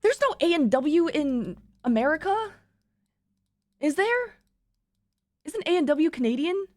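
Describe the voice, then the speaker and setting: A woman's voice: high voice, very animated, unhurried, darkish tone, no echo, studio quality. A young woman streamer reading a story aloud and breaking off into laughing, swearing, rambling asides. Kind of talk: reading fanfiction aloud with reactions.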